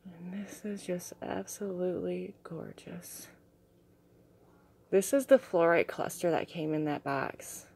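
A young woman vlogging casually as she shows her crystals and artwork, gushing and soft-spoken and often dropping to a hushed tone. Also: sits low. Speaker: vlogger showing crystals and art. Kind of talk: casual show-and-tell vlog.

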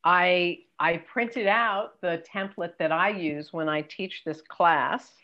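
An older woman, a career coach, giving emphatic, practical advice as a guest in an interview. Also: highs cut off. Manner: brisk, emphatic, mimics pitch emails.

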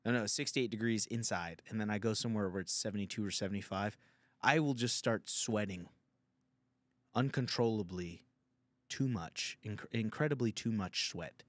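Crude rambling podcast host. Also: male voice, fairly low pitch, moderate pace, fairly bright tone, dry recording. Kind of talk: casual comedic monologue.

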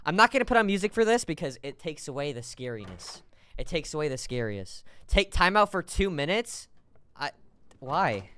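A man streaming a game live, talking to his chat in an excitable, joking way with sudden shouts. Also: on the high side, normal speed, clean tone.

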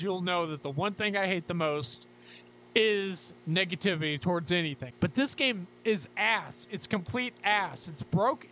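A man playing a horror game and commenting on it, frustrated and swearing as he rants, his voice getting hoarse. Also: high voice, pushed and bright, slight background noise. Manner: frustrated, swears a lot, ranting. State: losing his voice. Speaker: gaming YouTuber. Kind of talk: let's play commentary.

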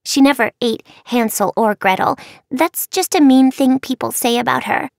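A woman's voice: high-pitched, normal speed, gravelly, dry recording, clean studio sound, pitched above the performer's own voice. A woman voicing a cheerful, sweet little girl in an audiobook. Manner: bright, eager.

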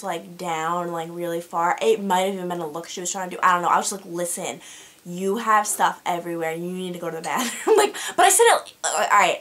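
A woman's voice: medium pitch, pushed and bright. Chatty teenage girl vlogging. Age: teens. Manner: chatty, rambling, lots of fillers and self-corrections. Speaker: beauty vlogger. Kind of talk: casual chat to camera.

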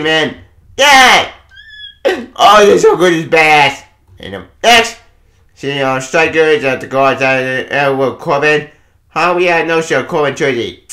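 A man giving a casual comic book review, excitable, swearing a lot and laughing often. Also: fairly high pitch, reverberant.

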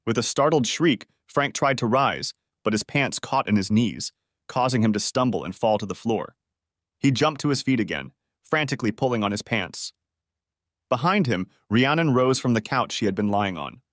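A man narrating a dramatic first-person story in an expressive way, close to the mic. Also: medium pitch, moderate pace, no room sound.

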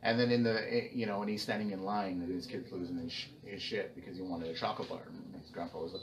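Male co-host, low-ish voice, animated and profane storyteller, distant mic with background noise. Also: fast talker, hardly any pauses, reverberant. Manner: animated storyteller, acts out quotes, swears casually. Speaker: podcast co-host. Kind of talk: casual storytelling chat.

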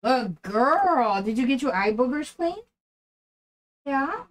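Chatty woman streamer, slightly high voice. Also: animated, takes it slowly. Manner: coos to her dog in baby talk; chatty and rambling with viewers. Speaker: game streamer. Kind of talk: casual live-stream chat.

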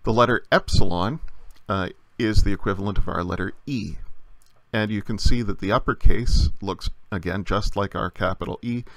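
A man teaching a recorded language lesson, explaining patiently with frequent pauses and fillers. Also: fairly low pitch, creaky, a bit bright, no echo.

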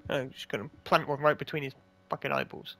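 A man's voice: medium pitch, a little fast, a bit bright. A man hosting a gaming channel, swearing a lot and ranting angrily as he plays. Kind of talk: gameplay commentary.

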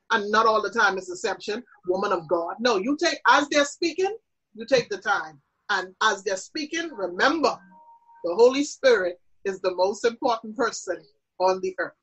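A woman's voice: fairly high pitch, animated, moderate pace, a bit bright, slightly rough, rough recording. A woman minister teaching about prayer in an interview, with an emphatic, preacherly delivery.

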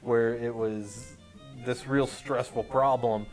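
A man, a film festival director, reviewing short films in a casual podcast chat, talking in halting runs full of restarts. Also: mid-range voice, steady tone, faint music behind.

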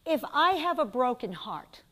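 An older woman with a New York accent, teaching a class in a lively lecture style and putting questions to her students. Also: high voice. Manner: animated, asks the class questions, quick asides. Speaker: instructor.

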